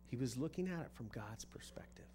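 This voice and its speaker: A man's voice: mid-range voice, animated, a little fast, dark tone, slight background noise. A man preaching a sermon in a conversational way, often repeating words as he restarts a thought. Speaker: pastor.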